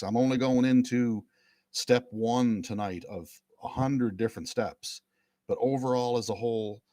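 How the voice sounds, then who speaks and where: Earnest man, low dry voice. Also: a little mellow, dry recording. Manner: earnest, emphatic, repeats phrases. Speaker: speaker giving a talk. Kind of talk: casual monologue to viewers.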